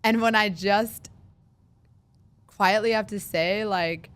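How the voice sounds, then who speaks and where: A woman in her thirties hosting a solo podcast, talking casually and animatedly, acting out worried voices in quick asides. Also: mid-range voice, fairly bright tone, smooth, no echo. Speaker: podcast host.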